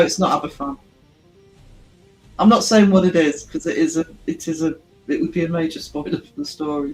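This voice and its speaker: This man's voice is high and gravelly, captured on a low-quality recording. He's hosting a livestream, reading comments and chatting loosely with his viewers while laughing often.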